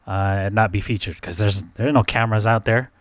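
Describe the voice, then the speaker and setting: A man's voice: on the low side, fairly quick, slight background noise. A man hosting a podcast, recapping events in casual chat, full of "like" and "dude". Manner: lively storytelling full of "like" and "dude". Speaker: podcast host.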